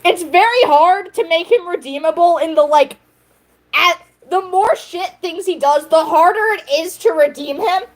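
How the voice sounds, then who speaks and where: A young woman livestreaming in casual chat, excitable and laughing, playfully scolding her viewers. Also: very high voice, normal speed, rough recording.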